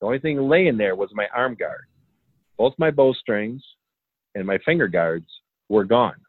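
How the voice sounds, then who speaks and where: A man telling a story in a casual, animated way, acting out the dialogue and chuckling as he goes. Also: on the low side, unhurried, slightly rough, no echo. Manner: animated, acts out quoted dialogue, chuckles often. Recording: tinny phone line, dry.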